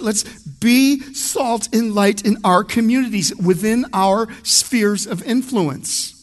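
A man's voice: high voice, slow. Male pastor with a slightly raised voice, conversational but punchy verse-by-verse preaching. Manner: emphatic, conversational, addresses the congregation directly. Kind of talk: expository sermon.

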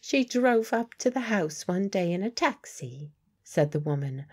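A woman's voice: lowish voice, animated, unhurried, a little mellow, husky. A woman narrator voicing a guarded, blunt working-class woman medium in an audiobook.

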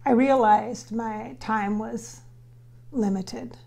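A woman's voice: a little high, steady tone, slow, gravelly, mellow. A woman working as a spiritual medium, relaying a spirit's words in an earnest, casual way and repeating phrases for emphasis while she talks to her viewers. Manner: relays spirit's words in quotes, speaks to viewers as "you guys". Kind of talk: casual channeling session addressed to viewers.

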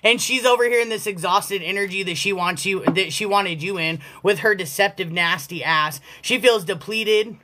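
A woman's voice: medium pitch, normal speed, few pauses, background noise. A woman giving a casual collective tarot reading, blunt and profane and often breaking into laughter. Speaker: tarot reader.

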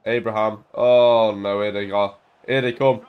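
A young man casually commentating on his own football video game at home into a desk mic, full of banter and bursting into shouts when his team scores. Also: lowish voice, measured pace, clear, resonant tone, muffled recording. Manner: excitable, banter-filled, shouts at goals. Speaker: gaming YouTuber.

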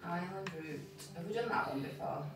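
A woman's voice: on the low side, moderate pace. An English woman, a mum, chatting casually and cheering while playing a video game with her child. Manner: excitable, cheering, lively exclamations. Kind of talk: casual gaming chat. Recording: roomy room with game music. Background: game music.

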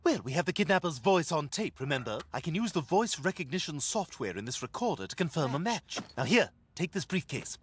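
A haughty baby genius. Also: male voice, fairly high pitch, big pitch swings, a little fast, few pauses, slightly rough, no echo. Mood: bossy. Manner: haughty, clipped and bossy. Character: scheming arrogant baby boy genius.

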